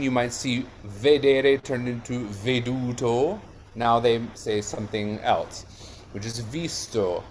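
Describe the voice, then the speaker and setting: A man's voice: mid-range voice, slight background noise. A man teaching Italian diction in an online lesson, explaining step by step and checking in with "yeah?" and "right?".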